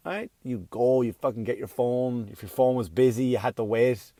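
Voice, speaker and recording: A middle-aged man doing a stand-up comedy routine, profane and ranting, swinging from muttering to yelling. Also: medium pitch, moderate pace, dry recording.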